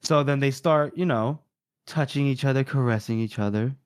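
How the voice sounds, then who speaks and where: A man co-hosting a podcast, chatting casually about a book and retelling scenes with animated voices. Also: mid-range voice, normal speed, clean tone, no room sound, clean studio sound. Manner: animated retelling, playing out characters' lines. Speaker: podcast co-host.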